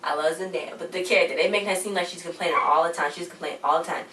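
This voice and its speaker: A young woman chatting casually through a TV episode recap, slangy and rambling, retelling scenes with animated asides. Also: lowish voice, very fast. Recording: echoey room, distant mic.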